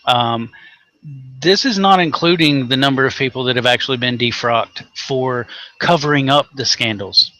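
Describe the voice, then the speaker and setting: A man's voice: mid-range voice, moderate pace, pushed and bright, dry recording. Cussing Tennessee man ranting angrily. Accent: Southern US, Tennessee. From Tennessee, USA. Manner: angry, sarcastic, heavy swearing, mocking voices. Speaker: co-host of a rant show. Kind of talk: profane ranting commentary.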